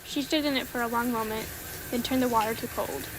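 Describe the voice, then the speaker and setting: A woman giving a calm, measured scripted narration of a spooky story. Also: on the high side, a little hiss or hum.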